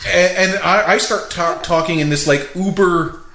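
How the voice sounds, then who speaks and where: A man's voice: high voice, steady tone, normal speed, sharp tone. A man animatedly telling a story in casual chat, often laughing as he talks. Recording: roomy echo with faint hiss.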